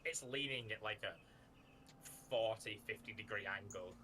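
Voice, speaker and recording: A man narrating a tabletop game as game master, in an animated way and laughing often. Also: fairly low pitch, normal speed, a little hiss or hum, poor audio.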